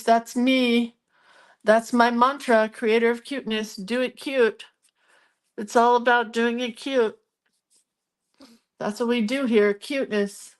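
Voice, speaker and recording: A woman hosting a casual live art stream from her home craft room, chatting and greeting viewers by name. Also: fairly high pitch. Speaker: art livestream host.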